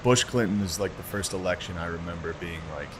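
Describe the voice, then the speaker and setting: Young male co-host, low voice, laid-back, faint background noise. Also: fairly bright tone. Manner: laid-back, quick reactions and laughs. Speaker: podcast co-host. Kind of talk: casual chat.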